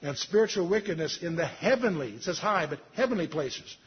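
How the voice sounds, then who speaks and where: Husky-voiced man preaching a sermon. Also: sits high, lively intonation, brisk, dull audio. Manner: earnest teaching, reads scripture aloud with emphasis. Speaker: Bible teacher.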